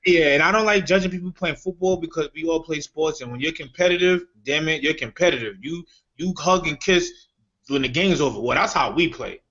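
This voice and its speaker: A man's voice: on the high side, fairly quick, a bit bright, muffled recording. A man co-hosting a podcast, talking about sports in a blunt, reflective way with bursts of joking. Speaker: podcast co-host. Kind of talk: casual sports chat.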